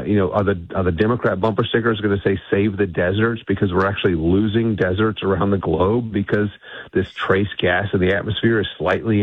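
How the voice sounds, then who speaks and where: Deep husky man on a phone line. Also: no echo. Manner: emphatic, assertive. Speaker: guest. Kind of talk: interview on a radio show.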